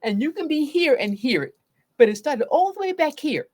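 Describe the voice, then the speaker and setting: Animated, high-voiced woman therapist. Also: normal speed. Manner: earnest, animated, often asks "right?". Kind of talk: live solo talk on trauma.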